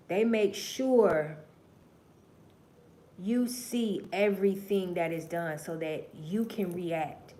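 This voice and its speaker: Woman host, lowish voice, profane and preachy livestream monologue that drops to murmurs and then rises to loud bursts, faint hiss behind. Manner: profane, preachy storytelling addressing viewers as y'all; swings between low murmurs and loud emphatic bursts.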